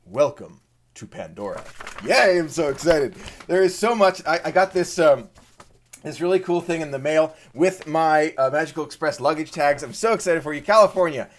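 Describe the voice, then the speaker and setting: An eager man chatting casually on a live stream, often doubling up his words as he greets viewers. His voice sits a little high for a man. He is a host from Maryland. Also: brisk.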